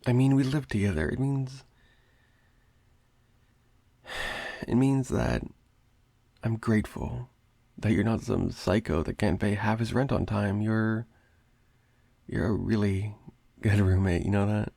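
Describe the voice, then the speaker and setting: A man's voice: lowish voice, takes it slowly, creaky, long pauses, warm tone, no room sound, full character voice. A young man voicing a clingy, obsessive male roommate in an improvised audio roleplay, rambling and stammering with nervous laughs. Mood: fond, coaxing.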